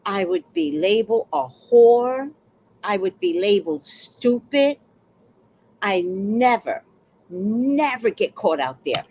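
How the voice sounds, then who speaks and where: On a casual livestream, a woman in her sixties tells a story bluntly and fierily, breaking into sudden loud outbursts. Her medium-pitched voice is expressive and slow, with a little hiss or hum in the background.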